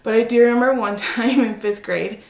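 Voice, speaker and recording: A woman from Mexico co-hosting a podcast, an animated storyteller who laughs often. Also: fairly high pitch, normal speed, vocal fry. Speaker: podcast co-host. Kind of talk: casual chat. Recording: roomy echo.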